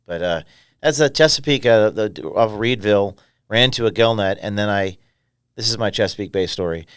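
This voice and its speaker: A man in his thirties, a guest on a conversational podcast, telling stories in animated bursts with sudden rises in emphasis. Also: fairly low pitch, normal speed, clear, resonant tone, no room sound. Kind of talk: casual interview conversation.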